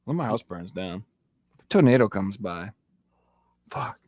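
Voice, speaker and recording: A man's voice: moderate pace, no room sound, clean studio sound. A young man guesting on a podcast, talking casually and animatedly with plenty of swearing. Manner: animated, swears freely, jumps into high voices for jokes. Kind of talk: casual chat.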